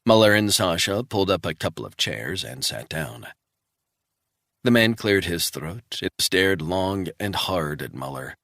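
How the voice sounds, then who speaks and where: A male audiobook narrator with a very deep, gravelly voice. He tells the story in steady, measured scripted narration with lively movement in his pitch. The recording is close and completely dry. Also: dry recording.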